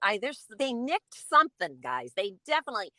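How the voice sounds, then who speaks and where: A woman guest on a podcast, telling stories in an animated, playful way. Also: on the high side, a little fast, slight background noise. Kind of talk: casual chat.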